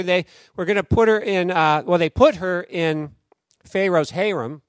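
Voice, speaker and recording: Guy preaching, kinda high voice, chatty storyteller, dry close sound. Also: moderate pace, no echo. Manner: conversational, animated storytelling with quoted voices. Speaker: pastor. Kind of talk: sermon.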